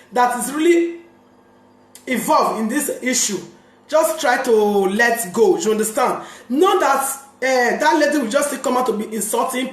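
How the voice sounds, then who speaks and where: A woman's voice: high voice, reverberant. A woman with a Nigerian Pidgin accent, a mother of three, talking to her viewers about forgiveness and often asking "you understand?". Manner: animated, repeats "you understand?", laughs often. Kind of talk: casual talk to camera on forgiveness.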